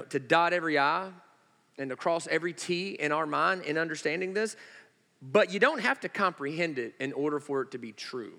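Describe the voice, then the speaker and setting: A man preaches a sermon in a somewhat high, bright, forceful voice. He swings from loud, animated exclamations to slow, hushed emphasis, and a long reverb from the large church hall hangs behind every line. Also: vocal fry. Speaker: pastor.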